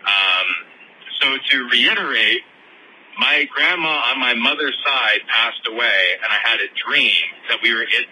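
A man's voice: medium pitch, lively intonation, unhurried, pushed and bright, breathy edge, rough recording. A man calling in to a show and telling a personal story in a rambling way, with many fillers and restarts. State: choked up. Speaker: caller.

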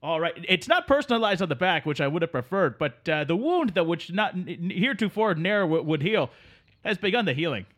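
Teasing man, lively voice. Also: sits high, fairly quick. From Canada. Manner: teasing, jokey, calls people buddy. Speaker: podcast co-host. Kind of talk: casual chat.

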